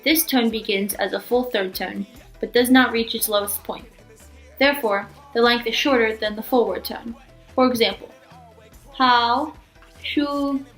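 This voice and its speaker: A woman reading a scripted language lesson, explaining rules in a clear, steady way. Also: fairly high pitch, normal speed, soft background music, rough recording. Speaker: language teacher.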